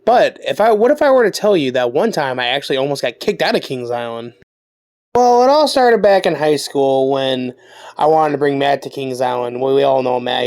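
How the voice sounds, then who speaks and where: This is a young adult vlogger sharing a story-time tale in a casual, chatty way. The delivery is animated, with the voice leaping up at the exciting moments. The pitch sits right in the middle. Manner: animated retelling with lively pitch jumps.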